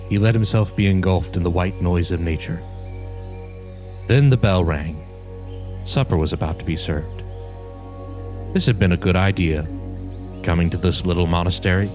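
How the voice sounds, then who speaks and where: A man hosting a podcast, reading a comic story aloud in a deadpan narrating voice. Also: low voice. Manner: deadpan narration that keeps breaking into laughter.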